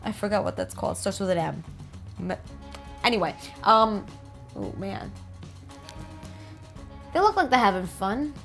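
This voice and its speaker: A woman's voice: mid-range voice, very animated, measured pace, creaky, pauses often, a bit bright, soft background music. A woman with a New Jersey accent, casually riffing and joking as she reads about game art. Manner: chatty, jokey, reads aloud and riffs. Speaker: host.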